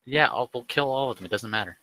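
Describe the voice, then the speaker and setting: A man's voice: mid-range voice, fast talker, bright, forceful tone, dry recording, poor audio. A man playing a tabletop game, brash and given to swearing and threats in character. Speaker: player.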